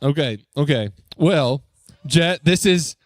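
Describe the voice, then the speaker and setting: A youth pastor gives a lively, joking talk to a church youth group, coaxing the crowd with quick questions. His voice is a little high for a man, and the audio is close and dry with no room sound.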